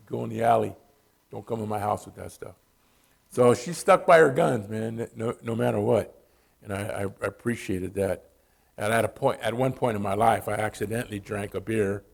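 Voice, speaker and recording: Low, gravelly man telling family stories. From Southern California. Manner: casual, conversational, says "man" often. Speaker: church speaker. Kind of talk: personal storytelling at church.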